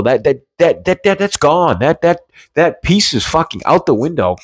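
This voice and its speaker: A man's voice: fairly high pitch, very animated, normal speed, no echo. A man from the United States ranting in agitated, profane commentary, often repeating himself as he talks into a podcast mic.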